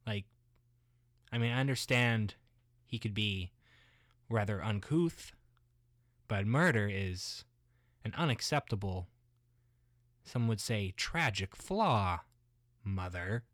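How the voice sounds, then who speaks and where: A man playing a muddled everyday guy who rambles haltingly, full of restarts and filler words. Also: lowish voice, expressive, fairly bright tone, no echo, studio quality.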